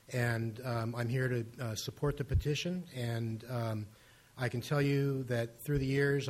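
Brisk older scientist testifying at a hearing. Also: male voice, medium pitch. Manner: brisk, with many fillers. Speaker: university raptor researcher.

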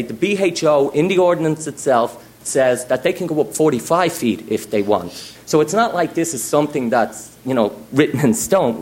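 A man's voice: medium pitch, darkish tone. A man speaking as an applicant at a public hearing, earnestly asking for approval of his project. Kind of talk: public comment testimony.

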